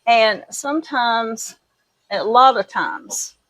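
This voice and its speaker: A woman's voice: on the high side, animated, slow, fairly bright tone, dry recording, low-quality recording. A middle-aged woman with a Midwestern accent that slips into Kentucky country twang, chatting casually in her kitchen while doing dishes, rambling and folksy as she tells stories. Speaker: homesteading vlogger. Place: home kitchen.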